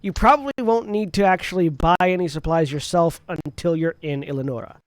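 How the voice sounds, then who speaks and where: A man's voice: on the high side, a little fast, dry recording. Laid-back male game master, dry sound. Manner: laid-back, hesitant with fillers. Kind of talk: narrating a tabletop game.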